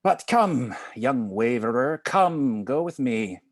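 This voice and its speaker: A man reading the part of a wise friar counselling a young man, in a measured, advising way, during a cold read over a video call. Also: mid-range voice, animated, no room sound, studio quality. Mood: chiding. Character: wise, patient male friar counselling a youth. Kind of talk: cold read of a stage play.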